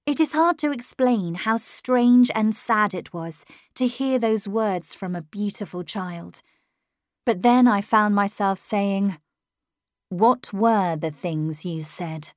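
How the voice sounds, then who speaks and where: A woman narrating a classic ghost story as an audiobook in the first person, with measured, expressive delivery on a close studio mic. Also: mid-range voice, no echo. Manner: measured and expressive, dramatic at tense moments.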